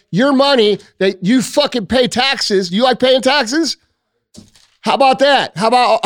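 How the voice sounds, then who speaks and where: Sex: man. Pitch: very high. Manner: furious, profane ranting. Role: podcast host. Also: a bit bright, dry recording, clean studio sound. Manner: furious, cursing heavily, lecturing listeners. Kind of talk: angry profane rant.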